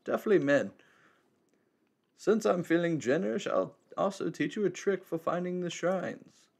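A man voicing a mysterious, teasing old male hermit in a slow, measured old man voice, reading game dialogue aloud. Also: high voice, expressive, creaky, a little mellow, voice pushed up, heavily acted. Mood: cryptic, teasing.

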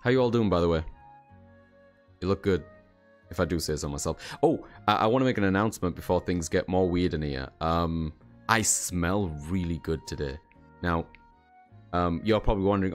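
Deep-voiced man, rambling streamer chat. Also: lively intonation, brisk, soft background music. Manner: rambling, jokey, self-deprecating. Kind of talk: casual livestream chat.

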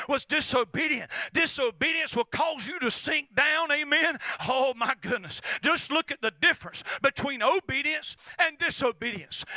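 A man preaching a fiery revival sermon, punctuating lines with amens and rising to shouts. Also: extremely high pitch, dry recording. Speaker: pastor.

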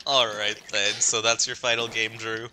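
A man's voice: lowish voice, flat delivery, moderate pace, rough recording. A man hosting his gaming stream, chatting casually with friends and laughing often. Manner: giggly, jokey. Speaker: streamer host. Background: game music.

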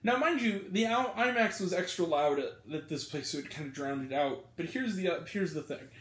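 Young man, casual movie vlogger, rambling delivery, high voice, roomy reverb. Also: animated, moderate pace, fairly bright tone. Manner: rambling, filler-heavy, chatty. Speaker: movie reviewer. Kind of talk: casual video review. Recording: roomy echo.

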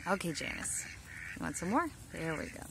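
A woman's voice: on the low side, sing-song, moderate pace, vocal fry, heavy background noise. A woman outdoors in her backyard, talking in a cooing, affectionate baby-talk way to her ducks while filming them on a handheld phone. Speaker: backyard duck keeper. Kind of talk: casual vlog talking to pets. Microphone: handheld phone camera.

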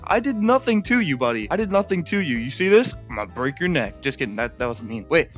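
A man giving excited, chatty commentary to his viewers while he plays a video game in a room at home. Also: a little high, quick pace, hardly any pauses, faint music behind. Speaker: gaming YouTuber.

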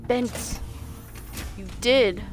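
A woman's voice: a little high, very slow, music in the background. A woman with a slight Southern US accent, chatting through a live-streamed game and talking back to it. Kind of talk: live-streamed gameplay commentary.

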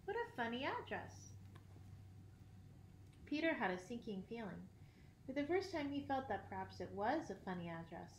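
A woman reading a children's classic aloud, expressive, with occasional slips and throat clearing. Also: medium pitch, brisk, a little hiss or hum. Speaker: audiobook reader. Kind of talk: storybook narration. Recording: roomy echo.

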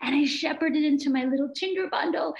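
A middle-aged woman telling a personal story on stage, animated and dramatic. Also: high voice, quick pace. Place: congregation hall on stage. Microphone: stage mic with feedback. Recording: echoey hall.

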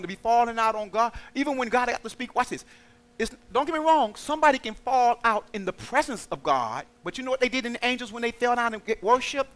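A man preaching to a congregation in a lively call-and-response style, acting out quoted voices as he goes. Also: very high voice. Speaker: pastor.

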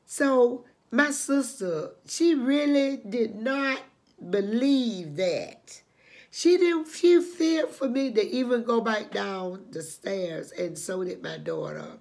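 Slow and expressive, her voice on the high side and a little mellow, an older woman shares an emotional personal testimony on her channel. Speaking to the camera about her life, she turns preachy, repeats herself, and addresses listeners as "honey."

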